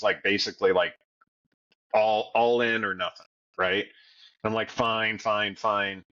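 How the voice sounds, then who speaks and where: A man's voice: mid-range voice, fairly bright tone, dull audio. A man co-hosting a podcast, telling his story of getting sober in a blunt, profane way. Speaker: podcast co-host. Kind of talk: candid recovery podcast conversation.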